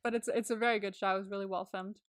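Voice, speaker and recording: A woman's voice: medium pitch, steady tone, very fast, dry recording, clean studio sound. A woman co-hosting a podcast, chatting casually and giggling often as she recaps a movie, with lots of 'like' in her speech. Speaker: podcast co-host.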